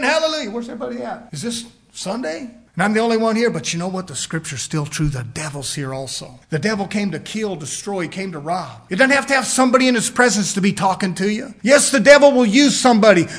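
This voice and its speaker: A man preaching a fervent sermon as pastor, swinging between shouted calls and low, dropped phrases.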